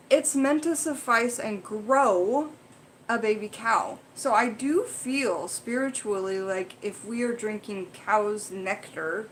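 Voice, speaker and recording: A woman's voice: mid-range voice, slight background noise, low-quality recording. A young adult woman hosting a casual livestream, chatting frankly in a rambling way and swearing now and then. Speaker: livestream host.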